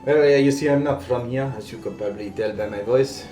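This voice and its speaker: A man playing an ancient high elf lady, echoey. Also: brisk, dark tone, faint music behind, natural voice. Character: 240-year-old high elf woman from a foreign land. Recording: echoey room.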